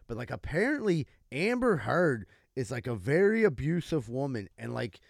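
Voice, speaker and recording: A man's voice: medium pitch, sing-song, normal speed, gravelly, no echo, clean studio sound. Young man rambling with "like". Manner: filler-heavy, says "like" a lot. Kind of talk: casual chat.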